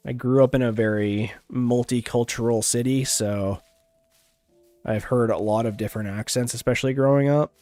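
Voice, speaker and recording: A man chatting casually on a gaming stream in a relaxed, rambling way, laughing now and then. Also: medium pitch, moderate pace, no echo, faint music behind.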